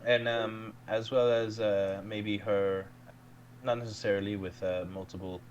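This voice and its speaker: A man playing a tabletop role-playing game, speaking in a halting way with many fillers. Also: fairly low pitch, steady tone, lo-fi sound, a little hiss or hum. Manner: halting, filler-heavy, playful. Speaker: player.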